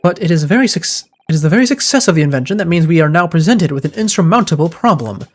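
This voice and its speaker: Voicing a lofty, eccentric gentleman detective full of self-assurance, a man delivers grandiose, wordy lines while faint game music plays. He talks fast in a slightly high, animated voice.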